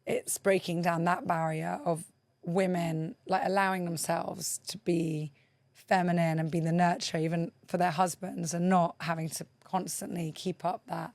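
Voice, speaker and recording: A woman hosting a conversational podcast interview, musing aloud and prompting her guest with soft murmurs. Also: lowish voice, level tone, normal speed, gravelly, no echo. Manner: thoughtful, musing, many soft "mm-hmm" prompts. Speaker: podcast host.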